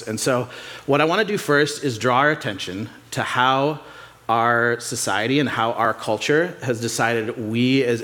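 Male pastor, casual conversational sermon, animated storyteller who checks in with the room. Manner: conversational, jokes with congregation, asks rhetorical questions; animated storytelling with pitch swings.

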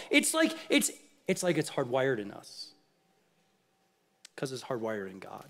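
A man preaching with a high, bright-edged voice that leaps and plunges across a wide range. He fires rhetorical questions at his listeners, then drops to hushed, low asides. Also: sing-song, moderate pace. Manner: rhetorical questions, rising to emphatic outrage then dropping low. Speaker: pastor. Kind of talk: sermon.

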